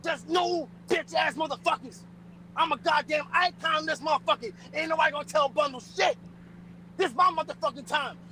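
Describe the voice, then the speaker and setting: Man doing a shrill, bright, cocky wrestler heel who swears nonstop in trash-talk promos. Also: fairly quick, slight background noise, low-quality recording. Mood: boastful threats. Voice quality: shrill put-on silly voice. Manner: profane trash talk, refers to himself by name. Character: brash foul-mouthed male wrestler, boastful and hostile.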